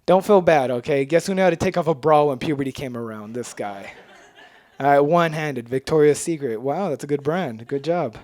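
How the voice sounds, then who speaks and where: Guy doing standup, high voice, dry close sound, makes fun of himself a lot. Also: fairly quick, no room sound. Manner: self-mocking, jumps into loud voices for characters. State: sweating. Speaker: stand-up comedian. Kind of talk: stand-up comedy set.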